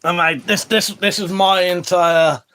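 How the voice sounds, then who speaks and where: A slight hiss or hum sits under this English host's high, sharp, steady voice as he reads chat at an unhurried pace on a casual livestream. Surrounded by a wall of weapons in an indoor room, he chats loosely, swears freely, and keeps breaking off his own sentences.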